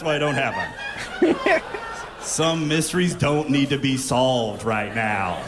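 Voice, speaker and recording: A man performing a stand-up comedy set, animated and breaking into shouted character bits. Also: mid-range voice, takes it slowly, pauses often, background noise.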